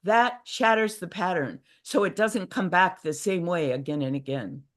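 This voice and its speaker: An older woman giving a gentle, reflective talk on a livestream video call, with frequent restarts. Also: fairly low pitch, normal speed. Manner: reflective, gentle, many restarts and acted inner voices. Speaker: workshop speaker. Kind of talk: casual teaching talk. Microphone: video call mic.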